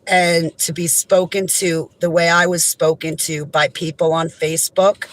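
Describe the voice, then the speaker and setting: A woman's voice: fairly low pitch, flat delivery, a little slow, hardly any pauses, rough recording. Impassioned woman venting to camera. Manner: impassioned, indignant, emphatic. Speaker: vlogger. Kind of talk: direct-to-camera monologue.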